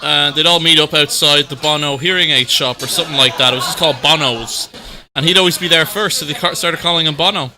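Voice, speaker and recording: An Irish man chatting as a podcast guest, telling lively anecdotes and acting out the quotes in them. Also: a little high, fast talker, noisy background. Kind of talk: casual chat.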